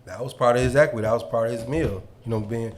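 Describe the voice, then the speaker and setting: A man speaks on a panel in a measured, reflective manner, circling back on his words as he works out his point. His voice is at an ordinary middle pitch for a man. Faint noise sits underneath. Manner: measured, reflective, restarts while thinking. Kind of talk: panel discussion.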